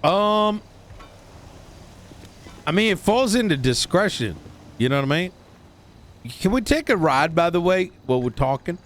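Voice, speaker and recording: A man's voice: high-pitched, very animated, a little slow, pauses often. A man playing a police officer in role-play, reasoning things out and asking questions. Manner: questioning, reasoning, laughs easily. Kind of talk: in-character role-play chat. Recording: clear background noise.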